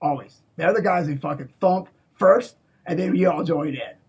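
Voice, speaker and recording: A man in a rambling, profane monologue, swinging between loud outbursts and low mutters and tagging lines with "okay?". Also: moderate pace, husky, dull audio. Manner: profane, repeats "okay?", restarts a lot.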